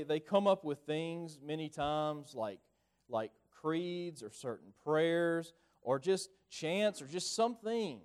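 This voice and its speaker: A man's voice: on the high side, darkish tone, smooth. A man with a rural Southern US accent preaching a conversational sermon, often repeating and restarting his words.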